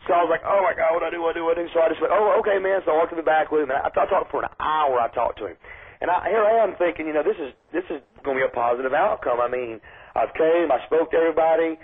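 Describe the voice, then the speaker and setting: A man's voice: a little high, very fast, breathy edge. A man telling a story casually in an interview and animatedly acting out the voices he quotes. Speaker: guest wrestler. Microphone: phone call into radio show. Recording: tinny phone line.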